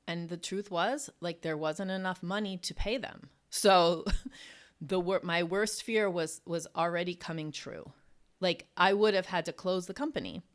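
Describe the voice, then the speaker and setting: A woman's voice: lowish voice, unhurried. A middle-aged woman hosting a solo coaching podcast, chatty, with many "like" fillers and frequent laughs. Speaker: academic writing coach and podcast host. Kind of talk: casual solo podcast talk.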